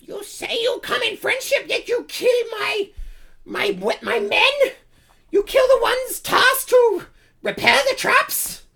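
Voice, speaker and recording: A woman voicing a pompous, regal kobold chief, a small reptile creature who shouts grandly. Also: very high voice, lively intonation, slow, creaky, voice pushed up, heavily acted. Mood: haughty.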